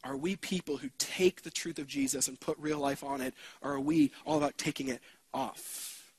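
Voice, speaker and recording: A man delivering a sermon in a conversational, emphatic way, often asking his listeners questions. His voice is husky and slightly high, and he shifts between quick runs and slow, stretched phrases. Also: steady tone, poor audio. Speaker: preacher.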